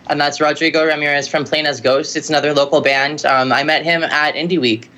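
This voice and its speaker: A woman musician telling stories in a casual interview, rambling and lively with lots of filler words. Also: deep voice, fairly quick. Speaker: musician guest.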